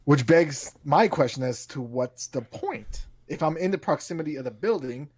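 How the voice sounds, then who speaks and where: A man in his thirties tells a story on a podcast and acts out every exchange, laughing as he goes. His voice sits a little high. The recording is dry and close to the mic. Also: animated, normal speed, slightly rough, no echo. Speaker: podcast co-host. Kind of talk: casual chat.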